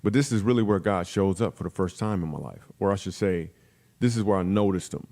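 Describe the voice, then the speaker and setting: Middle-aged male comedian, fast-paced storyteller, lowish voice, acts out quoted voices. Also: dark tone. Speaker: guest comedian. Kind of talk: storytelling in a podcast interview.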